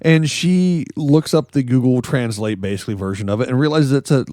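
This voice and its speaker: A man's voice: mid-range voice, brisk, dark tone, no room sound. Male podcast co-host, jokey rambling news bits, dry close sound. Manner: joking, rambling storytelling with laughs. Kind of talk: casual comedic news chat.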